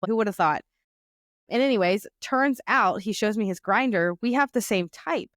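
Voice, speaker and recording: A woman's voice: medium pitch, normal speed, dry recording. Young woman, podcast host, raunchy comic storytelling, tipsy, dry close sound. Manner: crude, animated, comic storytelling. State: tipsy from wine. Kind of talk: casual storytelling chat.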